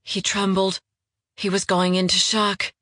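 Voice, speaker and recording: Woman audiobook narrator, bright voice, measured delivery, unhurried. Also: medium pitch, no echo, clean studio sound. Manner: measured, even storytelling. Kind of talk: scripted narration.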